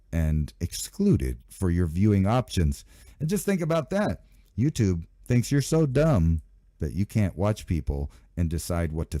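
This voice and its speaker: A man's voice: deep voice, dark tone, dry recording, clean studio sound. A man hosting his own channel, riffing casually and sarcastically on news headlines. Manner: rambling, sarcastic asides, mock voices of officials. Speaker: channel host.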